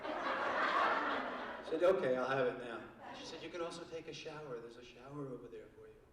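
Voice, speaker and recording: On a theater stage, an older stand-up comic tells wry, crudely punchlined stories in a medium-pitched voice at an ordinary pace. A crowd can be heard behind him, and the far-off recording carries the echo of the hall and the audience's noise.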